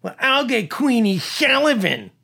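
A man's voice: very high voice, sing-song, measured pace, creaky, bright, forceful tone, breathy edge, pitched above the performer's own voice, exaggerated voice. A man putting on the voice of a toothless junkie whose voice is worn from drink and drugs. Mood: blustering.

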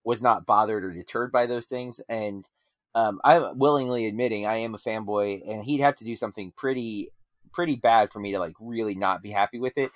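A man's voice: on the low side, a little fast, no echo. Dry-sounding man gushing about films. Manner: enthusiastic, rambling with frequent restarts. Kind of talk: casual film review chat.

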